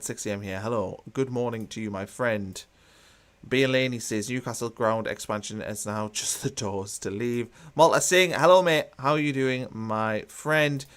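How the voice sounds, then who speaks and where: A man's voice: medium pitch, a bit bright, smooth. A man hosting a football watchalong, chatting casually with many fillers and restarts while he reads out live comments.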